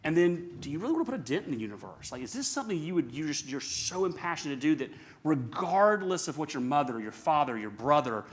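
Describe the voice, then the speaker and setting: A middle-aged man speaking at a seminar, brisk and emphatic, firing off rhetorical questions to the audience. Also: a little high, very animated. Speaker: conference speaker. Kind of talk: live seminar talk.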